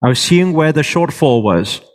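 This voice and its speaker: Guy teaching a workshop crowd, slightly high voice, keeps asking if they get it, long echo in the hall. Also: animated, moderate pace. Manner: checks in often with the audience; moves around while speaking. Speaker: workshop presenter. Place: large hall with a live audience. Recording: reverberant hall.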